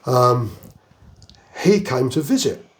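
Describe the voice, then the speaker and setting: An older Englishman, a retired army veteran, rambles through anecdotes in a casual interview, chuckling through his jokes. He speaks slowly in an expressive, medium-pitched voice.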